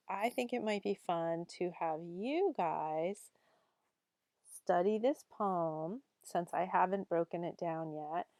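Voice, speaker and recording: A woman teaching poetry in a slow, careful way, reading verse aloud and counting out the stressed and unstressed beats. Her voice sits fairly low, and it sounds close and dry with no room around it. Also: dark tone, no room sound. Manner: unhurried, explains meter by reading lines aloud and tapping out syllables; frequent ums while thinking. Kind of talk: recorded online poetry lesson.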